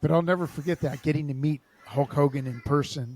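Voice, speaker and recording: A man, a podcast host telling stories in an animated way and laughing often. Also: fairly high pitch, quick pace. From Los Angeles, USA. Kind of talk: casual interview storytelling.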